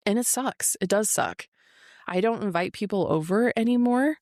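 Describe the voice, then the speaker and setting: Talking fairly quickly in a fairly low voice, a woman in her 40s hosts her own podcast solo from an office, speaking frankly and confessionally and cursing without restraint. The sound is dry and studio quality.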